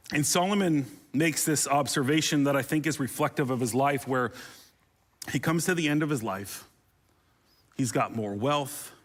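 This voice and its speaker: With a medium-pitched voice, this man preaches as a pastor in a chatty, humorous way. Playful digressions pepper his sermon, and his delivery swells in intensity during the emotional appeals.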